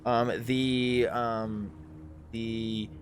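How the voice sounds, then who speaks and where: A man narrating a live tabletop game as game master, pausing often with ums and uhs. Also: medium pitch, flat delivery. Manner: halting, full of ums and uhs.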